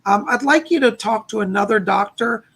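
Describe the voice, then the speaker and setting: A hoarse man hosts a livestream of psychic readings, his voice worn and husky with a gravelly fry. He reassures each viewer gently and relays spirit messages in a steady, patient way. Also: high voice, fairly quick. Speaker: psychic medium hosting a livestream. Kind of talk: live psychic readings answering chat.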